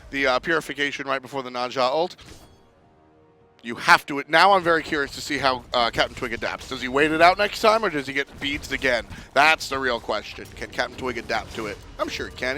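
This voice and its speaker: A man giving analytical color commentary on a video game match, relaxed and quick to laugh. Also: mid-range voice, soft background music. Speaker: esports caster.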